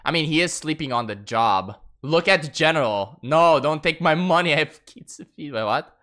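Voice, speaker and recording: A man's voice: fairly high pitch, lively intonation, moderate pace, fairly bright tone. A man streaming a game in casual, profane commentary, laughing and getting sidetracked. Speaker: gaming streamer.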